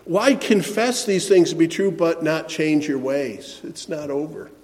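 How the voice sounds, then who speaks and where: A man preaching a sermon, shifting between soft, reflective passages and emphatic ones. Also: a little high, animated, measured pace. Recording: long hall reverb.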